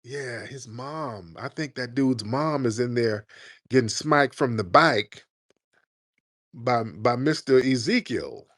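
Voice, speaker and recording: A man's voice: medium pitch, expressive, slow, fairly bright tone, no room sound, studio quality. A man hosting a live call-in roundtable, crude and taunting, laughing often. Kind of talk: live stream roundtable banter.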